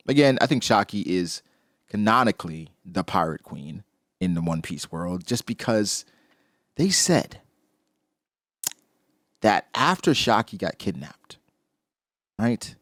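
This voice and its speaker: A man's voice: no echo, clean studio sound. A man co-hosting a casual chat that breaks down a comic chapter, acting out characters' lines. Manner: animated, acts out characters' lines with big pitch jumps. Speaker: podcast co-host.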